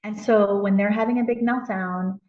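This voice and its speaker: A woman's voice: mid-range voice, steady tone, normal speed. A woman giving a casual teaching talk to parents, speaking conversationally with loose fillers. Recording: echoey room, distant mic, dull lo-fi.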